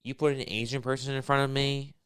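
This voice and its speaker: A man co-hosting a podcast, riffing sarcastically and deadpan through a casual TV recap. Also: mid-range voice, fast, smooth, no echo, clean studio sound. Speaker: podcast co-host.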